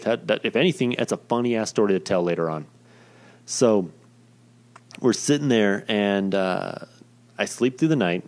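A man's voice: fairly low pitch, moderate pace, long pauses, darkish tone. A young man casually telling a personal story in a rambling, profane, self-deprecating way.

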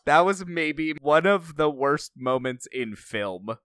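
A man's voice: fairly high pitch, animated, slow pace, a bit bright, clear, resonant tone, dry recording. A man co-hosting a film-review podcast who makes dry, wry remarks. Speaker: podcast co-host. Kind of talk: casual film-review chat.

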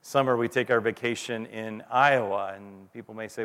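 A man's voice: lowish voice, steady tone, a little fast, hardly any pauses, a bit bright, long reverb tail. A man in his fifties, a pastor, preaching a sermon and closing in prayer, telling his story earnestly and repeating words as he goes. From United States.

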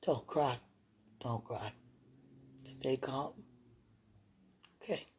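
A woman murmuring an emotional spoken prayer, soft-spoken and soothing herself. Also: a bass voice, extremely slow, slight background noise. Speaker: mother.

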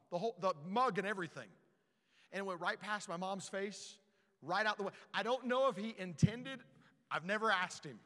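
A man preaching a storytelling sermon, animated and stumbling over repeated words as he starts sentences. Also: high-pitched, long reverb tail.

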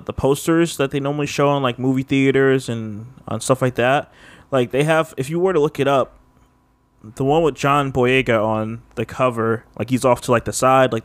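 A man talking casually on a podcast, looping through loose, rambling sentences full of filler words. His voice sits at an ordinary middle pitch. The recording is dry and close, with no room sound. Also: no echo. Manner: rambling, heavy use of "like", laughs often. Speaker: podcast co-host. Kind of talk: casual chat.

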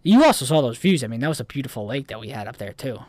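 A man's voice: medium pitch, sing-song, racing, darkish tone, no room sound. A young man in casual chat, brash and insistent, swearing a lot.

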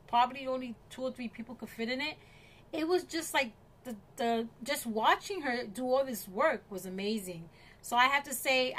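Chatty woman podcaster, rambling. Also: fairly high pitch. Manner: rambling, many fillers and restarts, laughs often. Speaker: podcast host. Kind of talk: casual chat, retelling stories.

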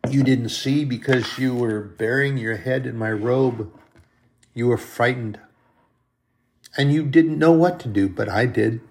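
Male pastor, mid-range voice with gravel, earnest repetitive sermon delivery. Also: mid-range voice, measured pace, a little mellow. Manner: earnest, repetitive preaching cadence.

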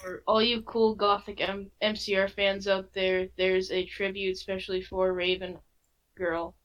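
A woman's voice: medium pitch, little pitch movement, a little slow. A woman on a voice call, flustered as she finds her place and reads her part in a comic group reading.

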